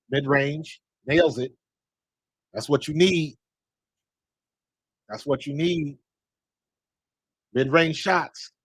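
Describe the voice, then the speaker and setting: A man giving excited live fan commentary on a basketball game, talking to the players as if coaching them and scolding missed shots. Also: fairly high pitch, creaky, husky, no echo. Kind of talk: live watch-along commentary.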